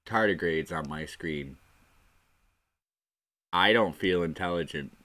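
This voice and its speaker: A man's voice: deep voice, slow pace, sharp tone. A man hosting a solo podcast, rambling in a scattered, self-mocking way. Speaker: podcast host. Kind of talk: rambling solo comedy monologue.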